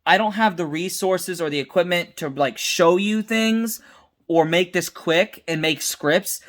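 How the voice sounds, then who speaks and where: A man's voice: sits high, unhurried, fairly bright tone. A tired young man giving a casual, unscripted episode review, rambling with restarts and mixing up names.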